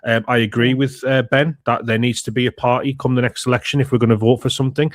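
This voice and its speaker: A man's voice: medium pitch, flat delivery, fast, no room sound. Man as podcast guest, dry sound. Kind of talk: casual chat.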